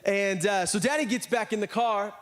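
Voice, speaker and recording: A man's voice: sits high, moderate pace. An American man preaching a sermon to a church, telling stories and acting out the voices of the people in them. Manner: animated storytelling, acts out voices. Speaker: pastor.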